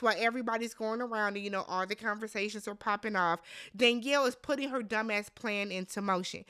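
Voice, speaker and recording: A woman recapping a reality show in a casual vlog, with a bright, forceful voice sitting a little high for a woman. She talks bluntly and with open exasperation, swears freely, and breaks into shouted mock reactions.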